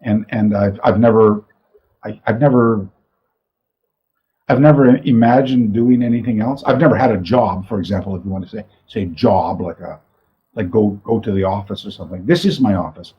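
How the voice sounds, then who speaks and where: A man's voice: lowish voice, moderate pace, muffled recording. A man, a martial arts teacher, talking thoughtfully in his own training space and often restarting his sentences. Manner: thoughtful, rambling, many restarts. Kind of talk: reflective talk to camera.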